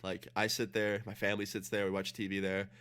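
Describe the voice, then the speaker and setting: A man's voice: on the low side, little pitch movement, a bit bright, smooth. A young man streaming a game, telling a story in a casual, profane way and acting out the dialogue. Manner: fast, profane, acts out dialogue. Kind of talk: casual storytelling while gaming.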